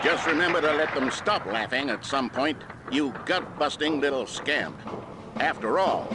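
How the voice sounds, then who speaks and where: A man's voice: on the high side, close to an everyday voice. A man voicing an upbeat, mock-authoritative narrator of an old instructional video. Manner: brisk, cheery, mock-authoritative. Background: music.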